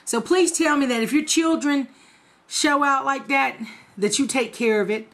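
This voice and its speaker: A woman's voice: high voice, moderate pace, a bit bright, slight background noise. A woman in her forties telling a story in a casual, profane, laughing way to her viewers. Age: 40s. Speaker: vlogger.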